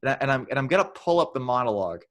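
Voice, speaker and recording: A man's voice: medium pitch, lively intonation, rapid-fire. A man on a podcast retelling a horror film in casual chat, rambling with restarts and acting out bits of dialogue. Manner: rambling, many restarts, acts out lines in funny voices. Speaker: podcast co-host.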